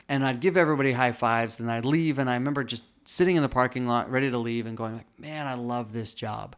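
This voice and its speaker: A man's voice: mid-range voice, fast talker, few pauses, a bit bright, smooth. A man hosting a podcast, telling a reflective personal story in casual talk and acting out the quoted lines. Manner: reflective, acts out quoted dialogue. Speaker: podcast host.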